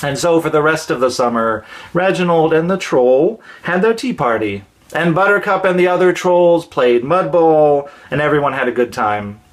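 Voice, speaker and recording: A man reads a children's story aloud, gentle and expressive as he narrates. His voice sits slightly high for a man. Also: moderate pace.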